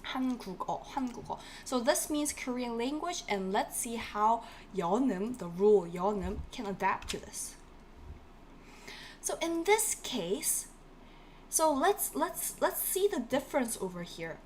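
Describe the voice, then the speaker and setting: A woman's voice: on the high side, expressive, moderate pace, a little hiss or hum. A woman teaching a live online language class, encouraging her students and repeating each word again and again, with frequent laughs. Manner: encouraging, repeats words for drilling; laughs often, playful asides.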